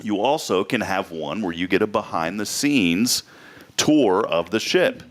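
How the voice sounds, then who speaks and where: A man with a fairly low voice hosts a casual local talk show. He rambles cheerfully through jokey anecdotes and chats easily with his guests. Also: animated, unhurried. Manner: joking, rambling storyteller. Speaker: host. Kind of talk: casual chat.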